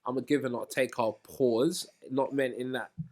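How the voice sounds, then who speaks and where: A man's voice: medium pitch, steady tone, moderate pace, noisy background. A man in casual podcast chat who laughs a lot and talks over others.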